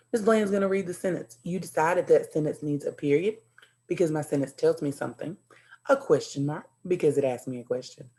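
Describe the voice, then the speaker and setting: A woman teaching young children in a recorded video lesson, cheerful and encouraging. She speaks slowly and clearly to the kids. Her voice sits a little low and sounds mellow and warm. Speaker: second grade teacher. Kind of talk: recorded virtual classroom lesson.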